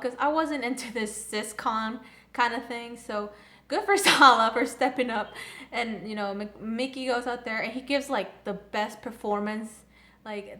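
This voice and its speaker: A woman's voice: a little high, fairly bright tone. A young woman recapping and reviewing an anime episode in a casual, rambling, gushing fan manner. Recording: echoey room.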